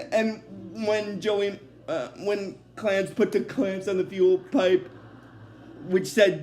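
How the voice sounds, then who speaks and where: A man's voice: sits high, steady tone, a little slow, darkish tone, faint music behind. A young man casually recapping a cartoon episode, rambling with lots of fillers. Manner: rambling, many fillers like "basically" and "uh".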